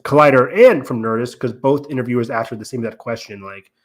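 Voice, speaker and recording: A man's voice: medium pitch, fast. A man co-hosting a podcast, explaining and analyzing at length in casual talk with frequent ums and self-corrections. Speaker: podcast co-host.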